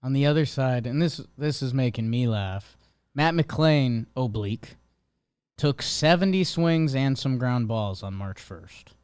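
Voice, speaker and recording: A man's voice: mid-range voice, lively intonation, measured pace, a little mellow, clear, resonant tone, dry recording, studio quality. A man co-hosting a casual sports podcast, teasing and throwing questions at the others. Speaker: podcast co-host.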